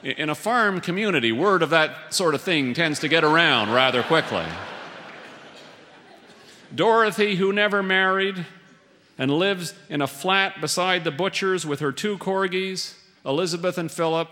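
A man tells a humorous story in a dry, wry way. His voice is somewhat high for a man. Each word trails off into the long reverb of a large hall. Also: normal speed, noisy background.

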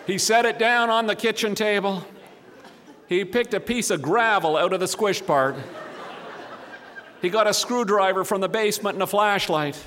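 A man's voice: high-pitched, normal speed, long pauses, fairly bright tone, slight background noise. A man telling a humorous story to a live audience, with wry asides. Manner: wry, dry comic delivery with asides.

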